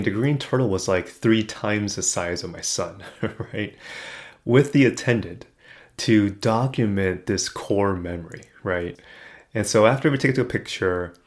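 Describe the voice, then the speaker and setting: A middle-aged man telling a personal story in a casual, animated way, dropping to a hush at the tense parts. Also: lowish voice.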